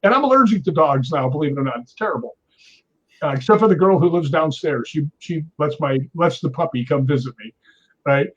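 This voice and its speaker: A man, a guest on a chat show, telling an animated story and tagging his sentences with "right?". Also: fairly high pitch, fairly quick, breathy edge, highs cut off.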